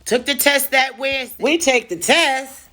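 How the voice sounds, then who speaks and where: A woman telling a personal story to camera in a casual vlog, animated and freely cursing. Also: high-pitched, moderate pace, faint music behind. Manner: animated, profane, dramatic storyteller. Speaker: storytime vlogger.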